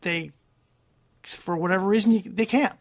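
Higher-pitched gravelly man. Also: normal speed. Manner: reflective, searches for words. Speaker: podcast co-host. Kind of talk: casual chat.

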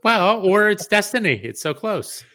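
A man's voice: high-pitched, animated, normal speed, pushed and bright. A man in casual chat about a TV series, tossing in wry, joking asides.

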